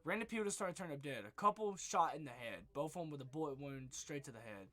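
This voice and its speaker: A man's voice: fairly high pitch, expressive, fast, pushed and bright. A young man giving a casual spoiler recap of a movie, rambling and swearing freely, leaning on filler words. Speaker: movie reviewer.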